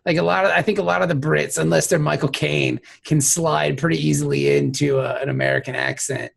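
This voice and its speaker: A man with a deeply gravelly, rough-edged voice that sits a little high, trading jokes on a podcast. His talk is casual and loose, with plenty of swearing. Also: steady tone, a little fast. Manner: joking, profane banter. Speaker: podcast co-host. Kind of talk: casual chat.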